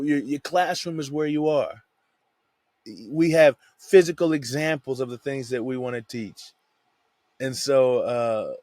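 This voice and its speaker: A young man talking through a Bible passage in an easygoing, conversational way, often dropping "man" mid-sentence. His voice sits at a middle pitch. The sound is close and dry, with no room echo. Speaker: devotional teacher. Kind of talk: casual Bible devotional.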